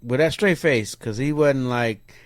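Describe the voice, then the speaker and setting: A man with a mid-range voice tells a story casually, slangy and animated, slipping into other people's voices as he quotes them. The sound is dry and close. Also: mid-range voice, measured pace, no room sound. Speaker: podcast co-host.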